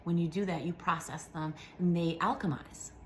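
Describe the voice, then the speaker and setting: A slightly hoarse woman giving a gentle, affirming spiritual message to viewers, sometimes dropping to a whisper. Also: fairly low pitch, fairly even intonation, normal speed, a little hiss or hum. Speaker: spiritual channeler. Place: at home.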